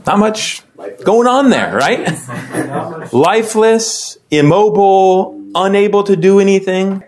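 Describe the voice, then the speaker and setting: A man runs a casual Bible study with easy conversational talk, calling on members of the group by name to read. His voice keeps lifting higher as he warms to an explanation. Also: slow pace, crowd noise. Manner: lively, often rising in pitch when explaining. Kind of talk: casual classroom teaching.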